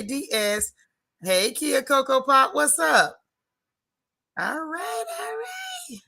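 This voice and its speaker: Woman streamer, bright voice, chatty and down-home, shouting out viewers. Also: on the high side. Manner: lively, Southern-tinged casual talk with chat shout-outs. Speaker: livestream host. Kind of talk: casual livestream chat greeting viewers.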